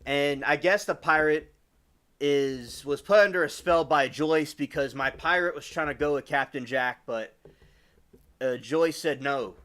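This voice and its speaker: A man's voice: a little high, unhurried, a bit bright. Rambling young man chatting to his stream. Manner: rambling and chatty, with many restarts; addresses chat viewers by name. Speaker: live streamer. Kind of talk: casual live-stream chat with viewers.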